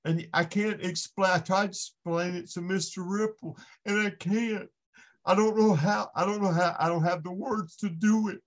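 A man's voice: high-pitched, steady tone, moderate pace. A man, a podcast guest, giving an impassioned faith testimony in an earnest storytelling manner with frequent restarts.

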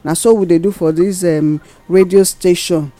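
A woman with a Nigerian Pidgin accent, co-hosting a casual radio chat and talking with lively, rising emphasis. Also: on the low side, normal speed, dry recording. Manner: animated, laughing, rising emphatic lines. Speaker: radio co-host. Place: radio studio.

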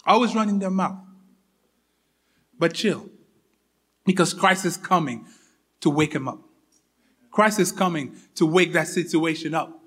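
Bright high-voiced male preacher. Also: lively intonation, measured pace, pauses often. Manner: repetitive, emphatic, often drops to a soft intimate tone. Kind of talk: sermon.

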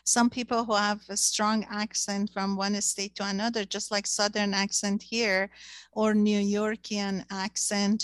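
A woman's voice: mid-range voice, no echo. A woman whose first language is Persian, talking in a casual discussion and searching for words with many fillers.

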